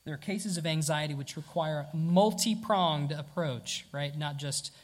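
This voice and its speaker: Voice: medium pitch, measured pace. A preacher delivering a sermon emphatically, asking rhetorical questions and repeating key words.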